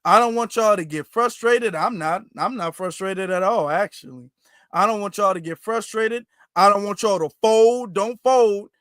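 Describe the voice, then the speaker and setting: A man's voice: high voice, fairly bright tone, dry recording, clean studio sound. A man hosting a livestream, talking in a preachy, teasing way and repeating phrases for effect. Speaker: livestream host. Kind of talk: casual livestream talk.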